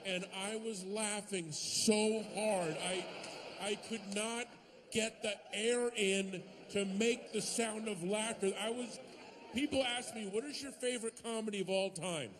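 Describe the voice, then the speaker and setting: A man performing stand-up comedy, telling stories with animated swings and sudden shouted punchlines. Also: high voice, unhurried. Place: comedy stage before a live audience.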